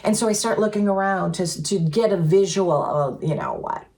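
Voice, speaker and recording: Woman co-host, casual storytelling, slightly low and gravelly, earnest and chatty. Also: wildly swooping pitch, moderate pace. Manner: earnest, chatty, with many fillers and softly voiced quotes. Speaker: co-host sharing spiritual experiences.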